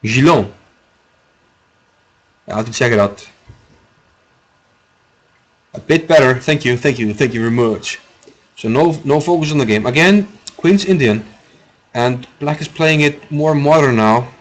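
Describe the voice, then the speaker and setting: A man's voice: mid-range voice, normal speed, pauses often. A man from Iceland, giving rambling, chatty live commentary on a chess game and answering viewers' chat.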